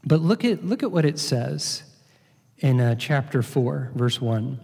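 A man preaches an earnest sermon at an unhurried, deliberate pace, often repeating his words as he teaches. His voice is mellow and dark. The recording carries a long hall reverb. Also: mid-range voice, lively intonation, gravelly, breathy edge.

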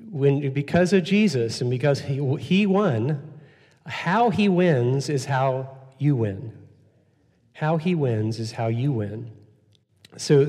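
A man's voice: fairly high pitch, mellow. A man preaching an Easter sermon as pastor, conversational, repeating key phrases and using frequent fillers. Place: church sanctuary. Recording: long hall reverb.

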